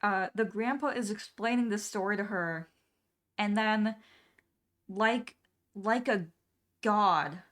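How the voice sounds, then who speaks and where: A woman's voice: medium pitch, takes it slowly, long pauses, fairly bright tone. A young adult woman streaming, casually retelling a cartoon episode in a rambling way, full of filler words. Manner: rambling, full of "um" and "like", laughing at the plot. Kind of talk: casual storytelling recap.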